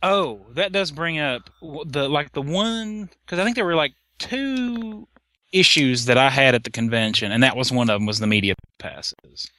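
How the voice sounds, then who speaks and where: Guy rambling on a podcast, bright tone, dry close sound. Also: a little high, animated, dry recording. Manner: rambling, halting, lots of restarts. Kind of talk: casual chat.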